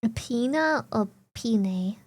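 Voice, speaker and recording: Slow-paced and expressive, with a voice on the high side, a young streamer from Germany or the Netherlands reads her chat aloud. She talks casually with viewers, giggling frequently and swearing freely.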